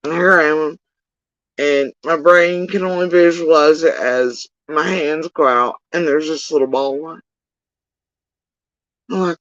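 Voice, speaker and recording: A man telling a story in casual livestream talk, rambling and swearing, with sudden high bursts when he quotes people. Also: measured pace, long pauses, no echo, highs cut off. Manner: profane, rambling, animated when quoting others. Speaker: livestream talker.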